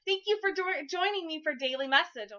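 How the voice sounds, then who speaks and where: A woman teacher giving an early-grade classroom lesson to camera, sing-song and encouraging, speaking slowly for young children. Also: extremely high pitch, bright, forceful tone, highs cut off.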